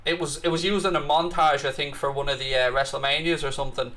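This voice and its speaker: An Irish man hosting a live football watchalong stream, chatting casually, reading out viewer comments and breaking into excited reactions. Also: fairly high pitch, quick pace. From Ireland.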